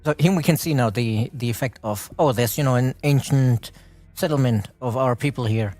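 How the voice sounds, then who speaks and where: A man's voice: medium pitch, moderate pace, a little mellow, faint music behind. A man hosting a live game stream, chatting and commenting on gameplay, laughing often and restarting his words.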